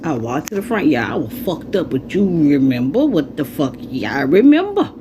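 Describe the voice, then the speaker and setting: Woman, animated slangy storyteller; pitch jumps around; audible background noise. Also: moderate pace. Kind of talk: casual storytime.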